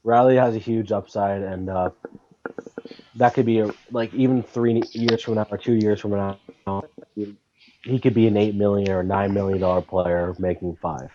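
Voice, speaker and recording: Man, low voice, casual hockey chat, dull lo-fi sound. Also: moderate pace, a little hiss or hum. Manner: thinks aloud with fillers and restarts, then gets animated. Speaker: podcast co-host. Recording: dull lo-fi audio.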